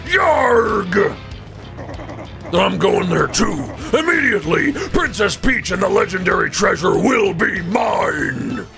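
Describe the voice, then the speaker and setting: A man playing a gravelly blustering turtle king. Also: high-pitched, very animated, slow pace, over music, exaggerated voice. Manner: loud bragging shouts. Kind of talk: video game voice-over.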